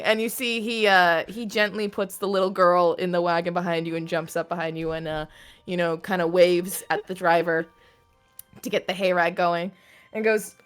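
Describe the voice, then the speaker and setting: A woman's voice: on the low side, fairly even intonation, moderate pace, clean tone, faint music behind. A woman narrating a tabletop game as game master, hesitant and full of fillers.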